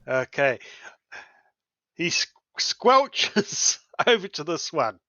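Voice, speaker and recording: Hesitant player, lively dull-toned voice. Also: medium pitch, drawn-out words, no room sound. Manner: hesitant, many fillers. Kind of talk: casual tabletop play.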